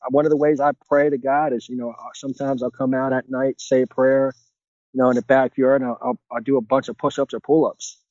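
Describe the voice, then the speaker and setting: A man's voice: medium pitch, a little mellow, no echo, highs cut off. A middle-aged man speaking earnestly and casually as a podcast guest, rambling with many filler phrases. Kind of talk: casual conversational interview.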